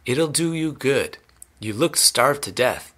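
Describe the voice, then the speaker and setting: A man voicing an eccentric, excitable male chocolate maker who talks in hurried, gleeful exclamations. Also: medium pitch, voice pushed up, exaggerated voice. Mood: kindly.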